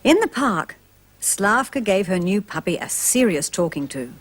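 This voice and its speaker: A woman narrating a storybook for young children, gentle and expressive, asking the listeners questions. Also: on the low side, unhurried, husky.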